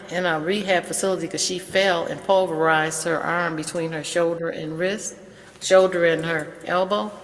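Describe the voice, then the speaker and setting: Older woman telling a story, hall reverb. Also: on the low side. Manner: unhurried, quotes dialogue in her story. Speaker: caller sharing an experience. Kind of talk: casual storytelling.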